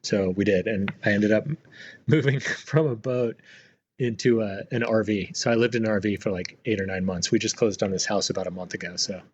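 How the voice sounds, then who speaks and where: A middle-aged man, a retired Marine aviator, telling his story as a guest in a relaxed, rambling way with many fillers. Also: fairly low pitch, brisk, highs cut off, slight background noise. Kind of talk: casual storytelling interview.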